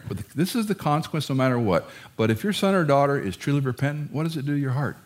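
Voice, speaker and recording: A middle-aged man preaching a sermon, animated and self-deprecating, who acts out family quarrels and scripture. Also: medium pitch. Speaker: pastor.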